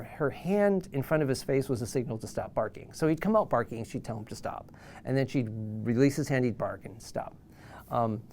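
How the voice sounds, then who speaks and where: A man in his sixties, an animal trainer, telling an anecdote in an animated way and acting out the voices of the people in it. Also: mid-range voice, slight background noise. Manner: animated, acts out quoted voices. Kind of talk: storytelling anecdote.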